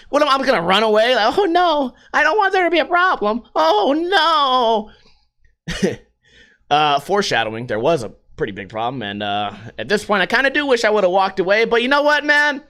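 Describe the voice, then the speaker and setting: A man's voice: sits high, a bit bright, smooth. A middle-aged man telling a rambling, profane story in a casual vlog. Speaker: vlogger.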